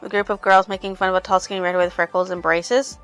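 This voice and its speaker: A woman's voice: mid-range voice, flat delivery, quick pace, a bit bright, clean tone. Female book reviewer, mid-range voice, chatty rambling recap, faint music underneath. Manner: rambling retelling with many "she's like" quotes. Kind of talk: casual plot recap.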